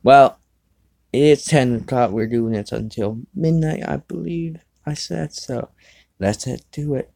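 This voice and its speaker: Slow, dark-voiced man reading fanfic aloud. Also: medium pitch, creaky, slight background noise. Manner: sarcastic asides, stumbles over the text. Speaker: show host reading fan fiction. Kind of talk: casual dramatic reading with commentary.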